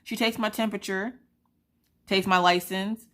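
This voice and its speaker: A woman's voice: mid-range voice, fairly even intonation, moderate pace, sharp tone. A woman from South Carolina, a craft vlogger, telling an anecdote in a chatty, blunt way. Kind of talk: casual storytelling chat.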